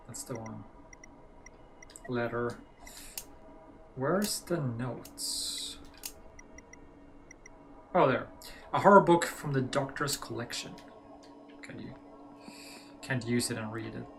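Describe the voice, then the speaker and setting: A man's voice: medium pitch, lively intonation, slow, pauses often, noisy background. A man talking through a horror game, casual let's-play commentary with chatty asides to himself. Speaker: gaming channel host.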